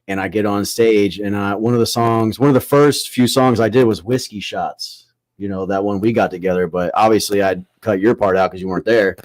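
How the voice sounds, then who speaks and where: A man's voice: fairly low pitch, no echo. A young man from Florida, a guest rapper telling a wild story in casual, profanity-laced chat. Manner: profane, animated anecdote-telling.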